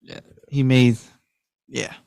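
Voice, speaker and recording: A man co-hosting a casual comedy podcast, with an easygoing delivery full of slang and laughter. His voice sits at a middle pitch, neither high nor low. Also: level tone, slow pace, vocal fry, darkish tone, smooth. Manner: laid-back, slangy, laughs often. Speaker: podcast co-host.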